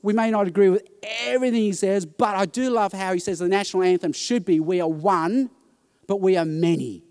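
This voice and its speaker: A man giving a conference talk, telling stories with animated quoted voices. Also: sits high, brisk, smooth. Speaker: conference speaker. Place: conference hall.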